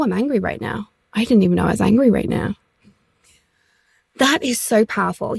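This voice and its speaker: A woman's voice: on the high side, creaky, a little mellow, dry recording. Woman podcast host, leadership coach; direct, emphatic, encouraging; close, dry mic. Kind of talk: solo podcast coaching talk.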